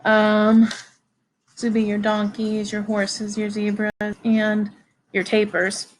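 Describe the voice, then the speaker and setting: Slow, hesitant woman lecturing biology. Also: mid-range voice, monotone, slight background noise, low-quality recording. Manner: halting, many fillers and restarts; informal, addresses students directly. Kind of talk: recorded classroom lecture.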